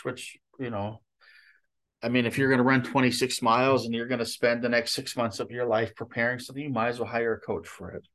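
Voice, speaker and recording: A man delivering a sermon in a relaxed, talky way. He wanders through a story with frequent asides and keeps checking in with the listeners. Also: mid-range voice. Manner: conversational and rambling, frequent "you know" and "okay?". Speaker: preacher.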